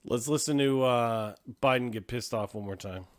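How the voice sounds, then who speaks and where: A man's voice: mid-range voice, moderate pace. A man hosting a show, casually reacting to video clips with profane, chatty commentary. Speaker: host.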